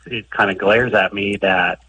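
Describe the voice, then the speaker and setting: A man with a Midwestern American accent phones in, talking in a hesitant, chatty way. His voice is husky and somewhat low. It comes through far from the mic, like a call line. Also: fairly even intonation, unhurried, pushed and bright. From Ohio, United States. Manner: hesitant, conversational. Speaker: caller. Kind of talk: phone-in question. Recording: distant-sounding phone call.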